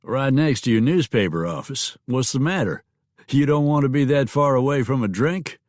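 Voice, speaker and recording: A man's voice: medium pitch, lively intonation, normal speed, no echo, clean studio sound, pitched above the performer's own voice, natural voice. A man voicing a blunt, teasing small-town sheriff in a Western audiobook. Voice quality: wry, blunt.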